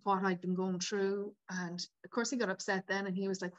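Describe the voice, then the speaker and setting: A woman in her 50s speaks a little fast in a steady, medium-pitched voice. Guesting on a podcast, she candidly relates her personal story, gets tearful now and then, and fills her speech with "like."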